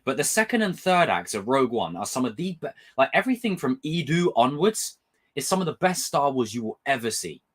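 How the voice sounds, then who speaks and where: A man's voice: mid-range voice, brisk, breathy edge. A young man reviewing a show in a casual vlog, rambling and passionate with frequent swearing. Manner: animated, rambling, passionate and profane. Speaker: film and TV reviewer.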